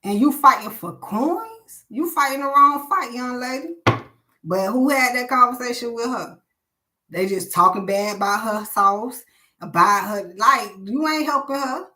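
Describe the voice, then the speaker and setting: A woman's voice: fairly high pitch, unhurried, bright, forceful tone. A woman hosting a live stream, ranting bluntly and preachily with lots of swearing.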